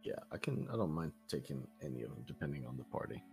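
A man's voice: rumbling low, very animated, quick pace, darkish tone, soft background music. A man playing a tabletop game, talking in an easygoing way and thinking aloud about his moves. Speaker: player. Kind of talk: casual tabletop play.

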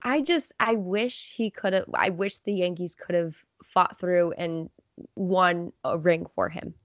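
A woman's voice: lowish voice, a little slow, dry recording. Woman co-hosting a sports podcast. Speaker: podcast co-host. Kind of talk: casual sports podcast chat.

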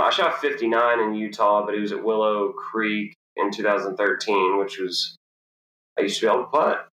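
A young man, a professional golfer, telling a story in a casual interview and acting out the people in it. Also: dull audio. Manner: animated storyteller, jumps high to act out quoted people. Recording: roomy echo.

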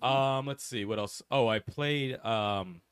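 A man's voice: medium pitch, slow pace, fairly bright tone. A man co-hosting a casual chat about video games, enthusiastic and swearing freely. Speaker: podcast co-host.

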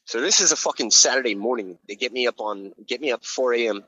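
A man who grew up in Hawaii, telling a long story in a casual, profane, rambling way and getting loud when he reenacts scenes. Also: medium pitch, fast, slight background noise. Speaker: guest telling his story. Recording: slightly dull, lo-fi sound.

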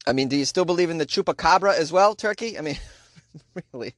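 A man's voice: a little high, lively intonation, fairly quick, no echo, clean studio sound. Middle-aged boston guy doing his comedy news podcast from a closet, sarcastic, no room sound at all. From Boston, USA. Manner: joking, sarcastic, ranting with laughs. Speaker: podcast host. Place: small closet.

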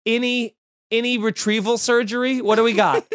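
A man's voice: extremely high pitch, level tone, moderate pace, a bit bright, clean tone, no echo, studio quality. A man hosting a podcast, riffing in a casual, profane stream of consciousness. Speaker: podcast host. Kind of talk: casual rambling chat.

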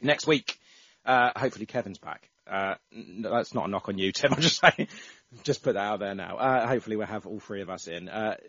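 A man with a lowish voice hosts a casual football podcast, chatting in loose sentences that often stall and restart. The sound is dull and dry, with no room echo at all. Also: brisk, a bit bright. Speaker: podcast host.

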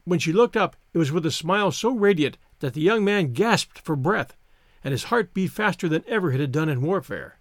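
Expressive male audiobook narrator. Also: a little high, dry recording, clean studio sound. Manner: measured, expressive storytelling.

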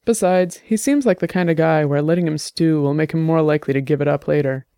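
A man reading the lines of a weary, wry investigator with a rasp in his voice. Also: a little high, fast talker, dark tone, dry recording, studio quality, lightly acted. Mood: dry. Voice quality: raspy.

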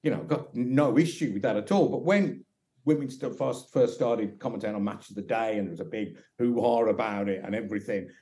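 Mellow West Midlands man, rambling chat. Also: on the low side, a little fast. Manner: rambling, peppered with "you know" and restarts. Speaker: podcast guest. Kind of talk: relaxed conversational interview.

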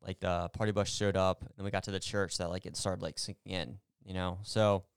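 A man's voice: deep voice, little pitch movement, a little fast, smooth, no room sound, studio quality. A man in a casual couple chat, laid-back and hesitant, with lots of fillers. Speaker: podcast co-host.

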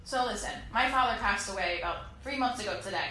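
A woman does a chatty, self-deprecating stand-up set on a club stage, acting out quotes with laughs. She talks fast in a bright, forceful, medium-pitched voice, and the room is echoey.

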